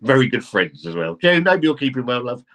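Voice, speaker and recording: A man's voice: mid-range voice, big pitch swings, a little fast, fairly bright tone. A man hosting a live stream, reading out viewer comments and chatting casually, swearing now and then. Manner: chatty, swears casually, reads chat aloud. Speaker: livestream host.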